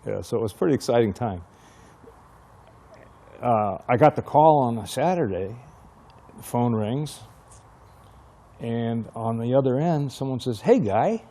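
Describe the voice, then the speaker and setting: A man's voice: mid-range voice, unhurried, long pauses, warm tone. An older man, a retired fire chief, telling stories from his career in an oral history interview and acting out the dialogue he remembers. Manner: reminiscing storyteller who acts out remembered dialogue.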